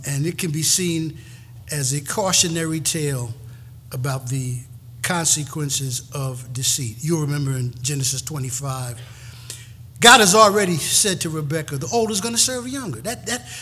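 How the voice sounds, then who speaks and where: A man's voice: fairly high pitch, moderate pace, sharp tone, slightly rough. A middle-aged male pastor preaching a sermon in a folksy, emphatic way, often repeating words as he builds a point.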